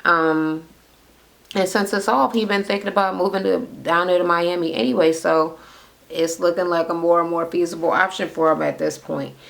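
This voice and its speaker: A woman's voice: on the low side, fairly even intonation, moderate pace, gravelly, a bit bright. A woman recapping a reality show in casual, profane chatter, blunt and sarcastic as she talks to camera. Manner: blunt and sarcastic, with frequent swearing.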